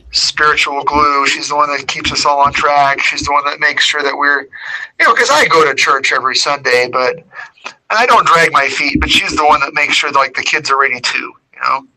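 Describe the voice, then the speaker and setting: A man's voice: a little high, steady tone, normal speed, pushed and bright, low-quality recording. A man chatting on a livestream while painting at home, joking and digressive. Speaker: regular stream guest. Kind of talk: casual chat.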